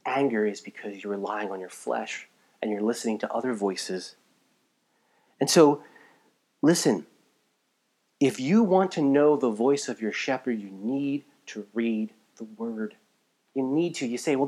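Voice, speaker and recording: A man from the United States preaching a live sermon in a conversational way, swinging between emphatic bursts and quiet asides, a little tired. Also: mid-range voice. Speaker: pastor.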